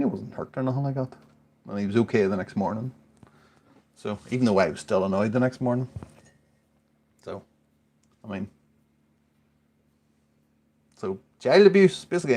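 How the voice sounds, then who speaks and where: A lowish male voice with vocal fry and a darkish tone belongs to a podcast regular in his forties. Slightly tipsy from beer, he tells a rambling story full of swearing in casual chat.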